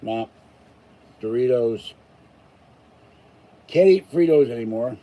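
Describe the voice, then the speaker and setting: A man's voice: mid-range voice, animated, slow pace, mellow, rough recording. A tired older man from Pittsburgh, a channel host rambling and grumbling through a casual live stream sign-off. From Pittsburgh, USA.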